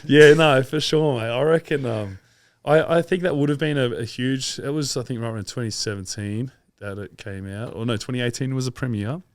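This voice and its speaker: A man's voice: mid-range voice, fairly quick, no room sound. Aussie guy in his 30s rambling on a podcast, laughs a lot, dry close mic. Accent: Australian. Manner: laid-back, rambling, laughs often. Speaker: podcast guest. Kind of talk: casual interview chat.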